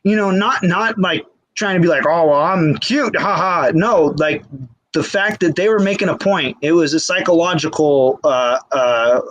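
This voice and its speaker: Man, slightly high voice, candid rambling storyteller, dry close sound, restarts a lot. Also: moderate pace, no echo, rough recording. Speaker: guest. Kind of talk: casual storytelling. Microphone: phone.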